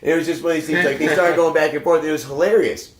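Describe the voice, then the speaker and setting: A man's voice: fairly high pitch, fairly even intonation, very fast. A man chatting casually as a podcast guest, telling a rambling story full of swearing and acted-out quotes. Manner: rambling, swears a lot, acts out quoted lines. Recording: roomy echo.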